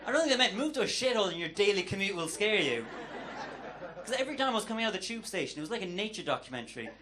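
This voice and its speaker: Irish male comic, a touch high-voiced, chatty and hesitant, stage mic in a noisy club. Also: very animated, racing. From Ireland. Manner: self-deprecating, chatty, with hesitant restarts. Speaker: stand-up comedian. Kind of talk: stand-up set. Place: comedy club stage before a live audience.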